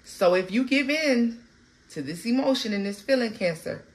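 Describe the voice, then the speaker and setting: A woman giving a casual, animated tarot reading, blunt and full of profanity. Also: a little high, normal speed. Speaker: tarot reader.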